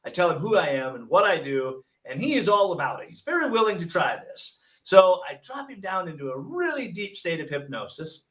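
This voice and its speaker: A man's voice: sits high, a little fast, few pauses, recorded from a distance. A man from Michigan, a hypnotist and paramedic, telling an anecdote casually and acting out the dialogue with wry jokes. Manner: animated storyteller, acts out dialogue with wry jokes. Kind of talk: casual storytelling.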